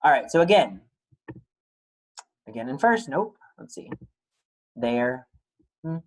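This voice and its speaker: A man's voice: medium pitch, very animated, slow pace, long pauses, low-quality recording. A male teacher giving a casual, chatty read-aloud and lesson for young kids, talking to them directly.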